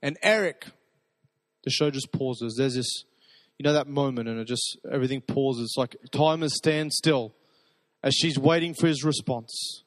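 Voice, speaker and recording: A man preaching a sermon, telling stories in a conversational way and dropping to soft, intimate repetitions. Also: medium pitch, measured pace, no echo. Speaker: pastor.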